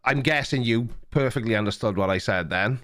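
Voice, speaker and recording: A Welsh man hosts a live stream and chats easily with a caller. He tells stories and laughs often. His voice sits at an ordinary middle pitch. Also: fairly quick, a bit bright. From Wales. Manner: chatty storyteller, laughs often. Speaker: livestream host. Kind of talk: casual chat with a caller.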